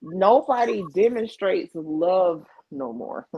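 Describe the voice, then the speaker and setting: Slow, husky middle-aged woman, emphatic. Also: on the low side, very animated, dry recording, muffled recording. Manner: emphatic, repeats phrases for emphasis. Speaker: livestream co-host. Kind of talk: candid conversation. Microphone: video call mic.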